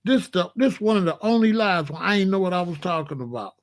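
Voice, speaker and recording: A commentary channel host speaks in a high, lively voice at a fairly quick clip. He's running a live reaction stream, chatting casually with his viewers, repeating himself and throwing questions out to chat.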